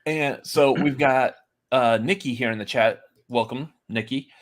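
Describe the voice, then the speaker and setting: A man co-hosts a casual podcast chat in an unhurried, medium-pitched voice, sounding hesitant, using many fillers and restarts, and laughing often.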